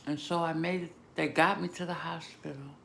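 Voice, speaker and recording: A woman vlogger giving an emotional, emphatic personal testimony, moving between hushed and loud moments. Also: sits low, steady tone, moderate pace, gravelly, slight background noise. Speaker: vlogger sharing a personal story.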